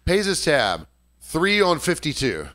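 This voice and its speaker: A man telling a story in casual podcast chat, animated and profane. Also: on the high side, a little slow.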